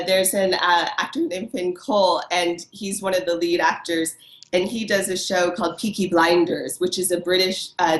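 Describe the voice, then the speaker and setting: A woman costume designer chatting as an interview guest, bubbly and enthusiastic, laughing often. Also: lowish voice. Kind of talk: casual interview chat. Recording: echoey room.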